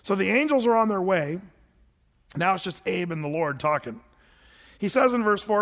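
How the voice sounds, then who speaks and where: A man's voice: high voice, animated, moderate pace, pauses often, fairly bright tone. A man preaching a sermon in a chatty, folksy storytelling manner, often laughing, recorded in a large hall. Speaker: pastor. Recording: long hall reverb.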